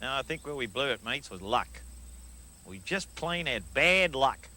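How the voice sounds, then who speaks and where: An actor playing a boastful Australian action-film star with an Australian accent, pitching in a brash, salesman-like way in a 1980s sketch comedy. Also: sing-song, measured pace, bright, forceful tone, heavily acted. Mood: rueful. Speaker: commercial pitchman.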